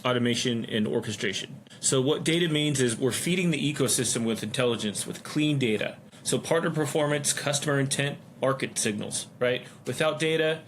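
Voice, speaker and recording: A man's voice: medium pitch, fairly quick, few pauses, a little hiss or hum. Man explaining things point by point. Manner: orderly, explains in lists. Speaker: podcast co-host. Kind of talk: casual business chat.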